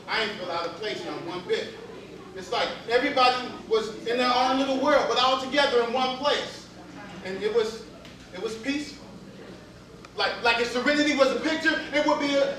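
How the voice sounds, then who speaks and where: Man, high-voiced, casual slangy stage monologue, mic far off, audience behind. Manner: conversational storytelling with slang, repeats and voice shifts. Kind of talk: live comic monologue. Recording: echoey hall from far off with audience.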